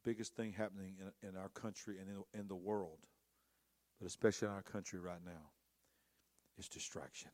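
A man preaching a passionate sermon, swinging between hushed, intimate lines and loud, rising storytelling. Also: low-pitched, fairly even intonation, fairly quick. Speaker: pastor.

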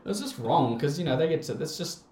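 A man's voice: a little high, lively intonation, fairly quick, echoey room, crowd noise. A young Australian man with an Australian accent, telling rambling stories in casual chat, swearing and laughing often.

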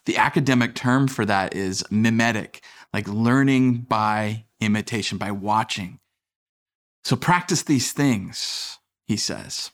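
A pastor in his thirties with a mid-range voice delivers a sermon in a relaxed, conversational manner. He weaves scripture together with self-deprecating stories about his family.

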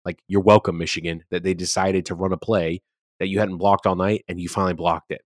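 A man's voice: deep voice, level tone, fairly quick, no room sound, studio quality. A man co-hosting a sports podcast, talking casually and animatedly, swearing freely as he rants about games. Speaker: podcast co-host.

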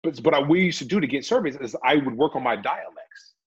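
A man's voice: fairly high pitch, lively intonation, quick pace, husky, muffled recording. A middle-aged man, an actor, chatting animatedly in an interview and slipping into voices as he tells stories. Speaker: actor and guest. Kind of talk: casual interview storytelling.

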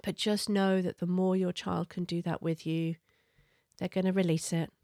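A middle-aged woman coach giving parenting advice in an earnest, gentle, conversational way. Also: lowish voice, little pitch movement, moderate pace, no echo, clean studio sound.

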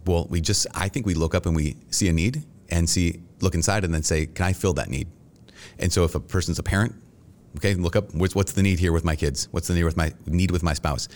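A man's voice: low-pitched, fairly quick. A middle-aged man, a Catholic priest, answering interview questions in an earnest, reflective way and acting out his own past thoughts. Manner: earnest and reflective, with animated self-quotes.

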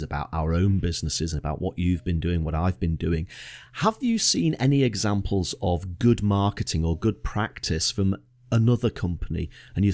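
A man hosting a podcast, asking measured, encouraging questions. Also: deep voice, a little mellow, no echo. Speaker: podcast host. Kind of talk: casual podcast interview.

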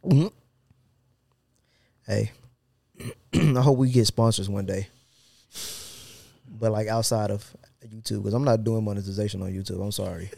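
A man's voice: lowish voice, steady tone, unhurried, vocal fry, pauses often, dark tone, no echo. A man co-hosting a podcast in casual chat, blunt and joking, often laughing between points. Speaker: podcast co-host.

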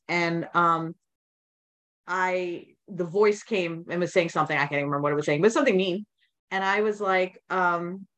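A woman's voice: fairly low pitch, fairly bright tone. A woman guest on a podcast, telling her personal story in a candid, rambling way, full of restarts and quoted inner thoughts.

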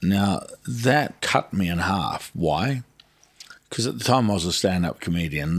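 Low-voiced New Zealand man telling stories. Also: no room sound. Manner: lively storyteller who acts out dialogue. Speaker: guest. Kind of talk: storytelling interview.

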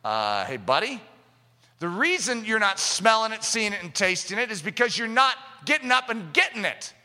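A man preaching a sermon in an animated way, acting out little scenes and quotes in different voices. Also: high-pitched, moderate pace. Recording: long hall reverb.

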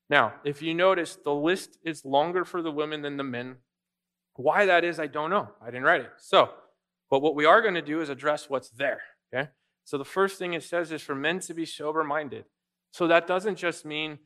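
A man's voice: on the high side, moderate pace, sharp tone. A man preaching a sermon as pastor, in a conversational way with frequent asides to the congregation. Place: church sanctuary.

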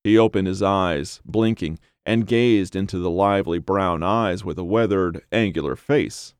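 A man reading a scripted horror story aloud in a measured, grim, dramatic way. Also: sits low, clear, resonant tone, no echo, studio quality. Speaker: narrator.

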